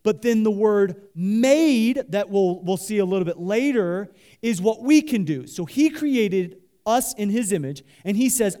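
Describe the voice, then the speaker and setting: A pastor delivers a sermon in a high yet mellow, darkly colored voice with a clear, resonant tone, speaking a little slowly. He is animated and leads the congregation in call-and-response, talking loosely with many fillers and restarts as he works through his points.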